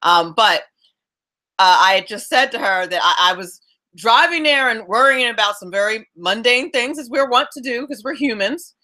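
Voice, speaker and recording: Bright-voiced woman radio host. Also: on the high side, animated, moderate pace. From South Jersey, US. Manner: warm chatty storyteller, many restarts, laughs easily. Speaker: radio talk show host. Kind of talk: casual radio interview chat.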